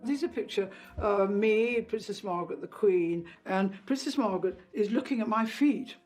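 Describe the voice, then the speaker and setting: An older woman recalling old memories in an interview, chatty and anecdotal, with fillers and soft laughs. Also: mid-range voice, moderate pace, faint music behind. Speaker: interviewee, former lady-in-waiting. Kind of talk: reminiscing in an interview.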